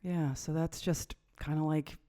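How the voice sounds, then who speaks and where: Woman on a podcast with a really low voice, breaks down research stuff, says yep a lot. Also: steady tone, warm tone. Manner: explains research points, affirming with quick yeps. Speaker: podcast co-host. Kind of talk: casual podcast conversation.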